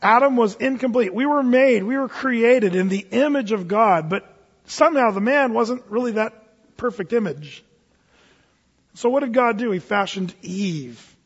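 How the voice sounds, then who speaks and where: Middle-aged male pastor, high and husky, folksy sermon delivery, dull reverberant hall recording. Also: expressive, unhurried. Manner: conversational, folksy preaching with chuckles.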